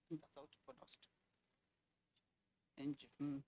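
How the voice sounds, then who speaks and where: Slow, high-voiced woman calling a roll. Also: expressive, dry recording. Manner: reads names slowly and repeats each one, with quiet asides between. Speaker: event presenter calling out names. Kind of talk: roll call at a conference.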